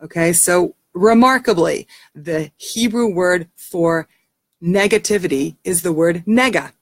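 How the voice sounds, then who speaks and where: A woman talking casually and earnestly to camera about raising children, warm and heartfelt, often restarting her sentences. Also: fairly low pitch, unhurried, no echo. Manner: frequent restarts. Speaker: parenting teacher.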